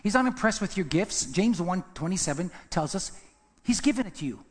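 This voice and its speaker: Emphatic preacher with a high voice. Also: male voice, big pitch swings, fairly quick, long reverb tail. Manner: emphatic preaching, repeats words, swings from loud to hushed. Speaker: pastor. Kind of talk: sermon. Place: church.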